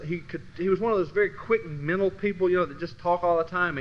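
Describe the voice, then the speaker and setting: A man teaching a Christian class through personal storytelling, swinging from low murmurs to loud bursts. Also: fast talker, few pauses. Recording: dull lo-fi recording with faint hiss.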